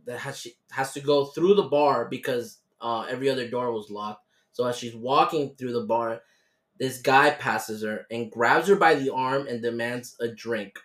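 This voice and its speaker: A podcast host reads out stories that listeners sent in, in a loose, casual way, with "like" scattered all through. The voice sits at a middle pitch, and a roomy echo hangs around it. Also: normal speed. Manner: casual, loose, says like a lot.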